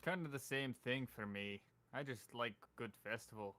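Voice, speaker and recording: Bright-voiced man playing a dwarf. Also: medium pitch, moderate pace. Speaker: player. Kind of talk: casual tabletop play.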